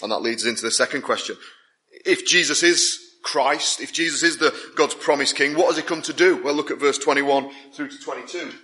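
A man's voice: on the high side, a little fast, sharp tone. A man preaching a sermon, driving his points home with repeated phrases that build in intensity. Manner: emphatic, repetitive build-ups with rising intensity.

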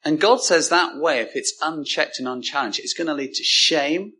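A man preaching a sermon, emphatic, with dramatic pauses and repeated words. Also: a little high, sharp tone, slightly rough.

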